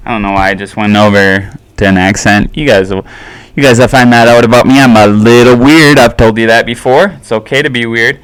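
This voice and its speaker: A man hosting his own solo podcast, talking casually in a relaxed, rambling way with lots of fillers and little chuckles. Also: mid-range voice, brisk, smooth, no echo. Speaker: podcast host.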